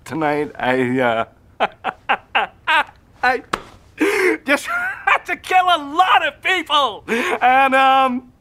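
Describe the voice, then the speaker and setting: A man's voice: very high voice, huge pitch swings, very slow, pauses often, bright, forceful tone, heavily acted. An actor playing an unraveling young male killer confessing over the phone, rambling with nervous laughs and hesitations. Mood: manic confession. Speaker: film character.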